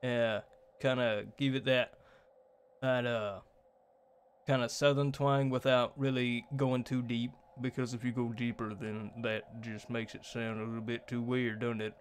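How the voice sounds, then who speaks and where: Male streamer of middle pitch, loose and rambling, chatting with viewers while he plays. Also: flat delivery, a little slow, slight background noise. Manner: rambling, with many fillers and restarts; reads on-screen game text aloud. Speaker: game streamer and voice actor. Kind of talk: casual live-stream chat while playing.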